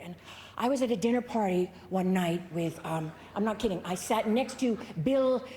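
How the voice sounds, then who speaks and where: A woman's voice: medium pitch, moderate pace, dark tone, a little hiss or hum. A middle-aged woman presenting an award on stage, telling a rambling comic story full of fillers and restarts. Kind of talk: comic onstage anecdote. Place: large ballroom on stage.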